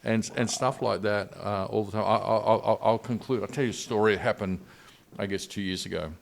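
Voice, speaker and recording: Middle-aged male missionary guest with a deep, low voice; earnest, halting storytelling. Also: steady tone, gravelly. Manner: earnest, halting retelling with frequent restarts. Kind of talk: personal storytelling in a podcast interview.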